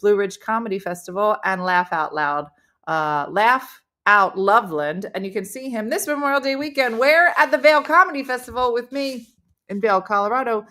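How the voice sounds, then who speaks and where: A chatty woman with a New Jersey accent hosts a casual comedy talk show. Her voice is bright and forward, and she talks in an animated way. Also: mid-range voice, moderate pace. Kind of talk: casual chat and guest introduction.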